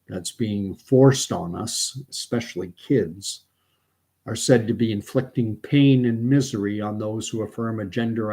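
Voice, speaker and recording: A man's voice: fairly low pitch, warm tone, slightly rough. Canadian man hosting a late-night livestream. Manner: unhurried, reads aloud with many fillers and restarts. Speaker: channel host. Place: at home with his dog.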